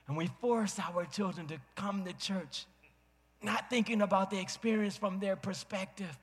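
A man preaching a sermon as a pastor, telling a family story dramatically and acting out voices with big swings in pitch. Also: moderate pace, a bit bright. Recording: long hall reverb.

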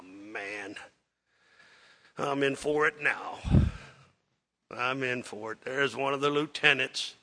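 A man's voice: on the high side, sharp tone. A man preaching to a congregation, telling a folksy, rambling story with plenty of fillers and acting out the characters' lines. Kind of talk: sermon storytelling.

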